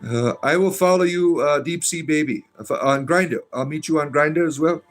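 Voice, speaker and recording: A man's voice: fairly high pitch, moderate pace, faint music behind. A man with a Southern US accent hosting a livestream, reading chat comments aloud in a rambling, hesitant way full of uh's and restarts, sarcastic and defiant in his answers.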